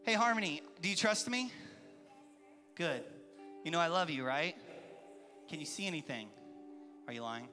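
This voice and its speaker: Kids' pastor, a man with a high, bright, animated voice, booming through a big reverberant hall. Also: moderate pace, pauses often, over music. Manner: animated, playful, acts out voices and calls to the crowd. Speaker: children's pastor. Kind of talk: lively kids' church sermon with storytelling. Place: large church hall with an audience.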